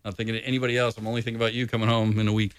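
A man's voice: on the low side, little pitch movement, rapid-fire, clean tone, no echo. A man, a blues musician, chatting casually in an interview and rambling in a laid-back way with lots of filler. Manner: rambling and laid-back, heavy on "you know" and "dude".

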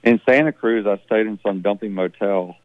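A man from Mississippi, telling rambling, relaxed stories in a phone interview. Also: lowish voice, normal speed, no echo. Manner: rambling, relaxed, with many restarts. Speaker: musician guest. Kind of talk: phone interview, casual storytelling. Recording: dry, tinny phone line.

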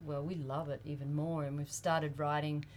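A bubbly, playful woman with a somewhat low voice chats on a radio interview as a band member. A faint ambient hiss sits behind her. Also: flat delivery, normal speed. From Australia. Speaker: touring musician.

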